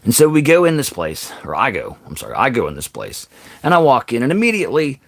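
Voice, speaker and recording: Talking fast in a creaky, mid-range voice, captured in a dry, studio-quality recording, he vlogs an amusing story casually. He keeps addressing his audience with "okay?" and "people," animated and full of exaggerated jokes at his own expense.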